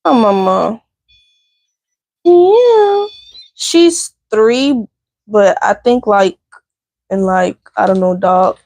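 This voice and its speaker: A woman's voice: mid-range voice, expressive, drawn-out words, long pauses, a little mellow, no echo. A woman hosting a casual livestream at home, chatting with viewers and addressing them as y'all. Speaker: channel host. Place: home indoors.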